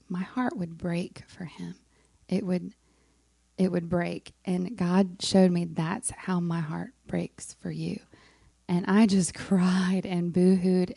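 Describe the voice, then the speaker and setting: A woman with a warm, gravelly voice talks softly through a personal faith story, pausing on frequent ums. Her voice is close and dry, with no room sound around it. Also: on the low side, no echo. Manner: soft-spoken, frequent ums, emotional. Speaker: worship leader on a moms' panel. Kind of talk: casual heartfelt testimony.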